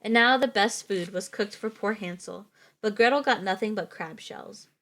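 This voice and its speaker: A woman's voice: mid-range voice, normal speed, fairly bright tone. A young woman streamer reading fairytales aloud, who drifts into chatty asides. She laughs easily and corrects her own slips as she goes. Her voice sits in a middle register.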